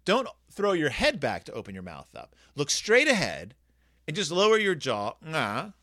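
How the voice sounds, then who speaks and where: A man's voice: fairly high pitch, wildly swooping pitch, moderate pace, bright, forceful tone, no room sound, studio quality. A man giving a casual, rambling and jokey review of a children's book on his video channel.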